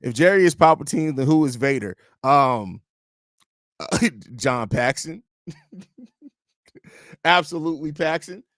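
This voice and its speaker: A man's voice: fairly high pitch, lively intonation, takes it slowly, long pauses, a bit bright, dry recording, studio quality. A man hosting a live sports podcast, rambling and joking profanely while reading chat aloud. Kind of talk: casual live-stream chat.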